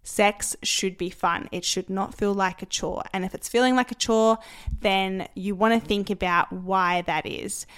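A young woman hosts her own podcast in a loose, candid chat. She talks straight to her listeners, peppering her speech with "like" and "you know", and her pitch sits in a middle range for a woman. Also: a bit bright. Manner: chatty and candid, many "like" and "you know" fillers. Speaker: podcast host. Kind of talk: casual solo podcast talk.

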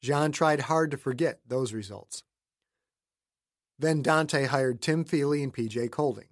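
A man's voice: mid-range voice, no room sound. Man narrating, dry close read. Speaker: audiobook narrator. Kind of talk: scripted narration.

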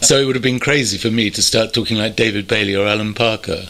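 An older man from North London, reminiscing thoughtfully as an interview guest, pausing often with ums. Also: lowish voice, pushed and bright. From North London, England. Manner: thoughtful, measured, with many pauses and ums. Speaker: interview guest, veteran copywriter. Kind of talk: reflective reminiscing. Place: country home.

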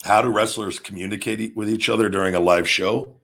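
A man's voice: on the low side, steady tone, fast, creaky, a bit bright. A man hosting his own talk show, a pro wrestler who talks in a brash, profane way and acts out wrestling moves with rising energy. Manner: profane, brash, swears constantly. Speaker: podcast host and pro wrestler. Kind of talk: unscripted solo talk.

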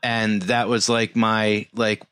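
This forties-aged podcast co-host speaks slowly with a fairly low pitch and little pitch movement, his tone pushed, bright, and smooth. There's no room sound in the clean studio audio. He tells meandering stories in relaxed conversation, full of fillers.

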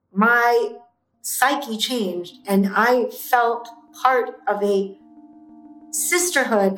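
A woman in her fifties, an entrepreneur guest, telling her story intensely and emphatically, repeating lines for force. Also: fairly high pitch. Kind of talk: emotional personal storytelling. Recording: roomy echo with faint music.

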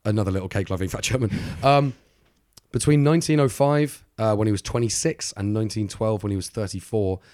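Man with a lowish voice, dry and close, for casual true-crime podcast banter. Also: a little mellow, dry recording. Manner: chatty storyteller, filler-heavy, quick to laugh. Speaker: podcast co-host.

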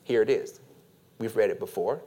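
A man preaching a sermon as pastor, slow and deliberate, asking his congregation for an amen. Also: fairly low pitch, warm tone.

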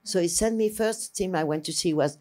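Older woman with a warm voice. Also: fairly low pitch, a little fast, faint music behind. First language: French. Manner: rambling, lively, restarts mid-phrase and acts out other people's speech. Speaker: interviewee, filmmaker. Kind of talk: storytelling reminiscence.

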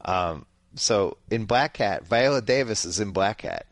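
A man hosting a podcast in casual chat, offhand and wry, talking in quick bursts. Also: fairly low pitch, expressive, dry recording. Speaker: podcast host.

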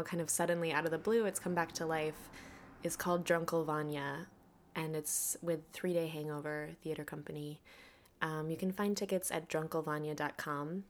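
A woman hosting a podcast, talking earnestly and reflectively, now and then laughing softly. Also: deep voice. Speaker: podcast host. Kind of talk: personal monologue.

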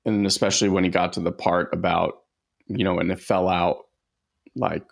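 A man with a very low, gravelly voice tells a heartfelt story in easy conversation. He talks in halting bursts, full of "like" and restarts, as a podcast co-host. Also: steady tone.

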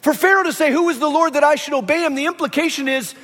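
A man's voice: very high voice, quick pace, few pauses. A man in his thirties or forties preaching a sermon as pastor, telling stories and acting out the voices in them. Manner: animated storytelling, acts out quoted voices. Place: church sanctuary. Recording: long reverb of a large hall.

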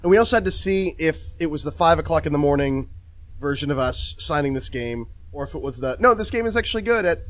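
Male podcast co-host, sarcastic and joking, slightly high voice. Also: fairly even intonation, fairly quick. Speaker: podcast co-host and game publisher. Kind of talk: live panel podcast chat.

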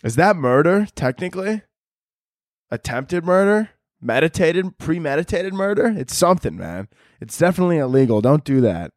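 A man's voice: fairly high pitch, big pitch swings, normal speed, dry recording, clean studio sound. A young man hosting a podcast, ranting in a crude, rambling comedic monologue and laughing often. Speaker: podcast host.

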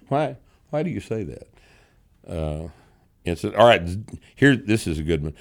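A man's voice: lowish voice, very animated, measured pace. A male podcast host reading viewer comments aloud in casual chat, answering them with sarcastic, mocking remarks and crude jokes.

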